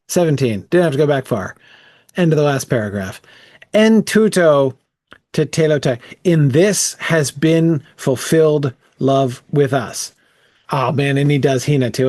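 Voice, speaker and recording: A man's voice: mid-range voice, a little mellow, no room sound, clean studio sound. A man leading a casual bible study, thinking aloud with frequent "um" and "right?" as he works through the text.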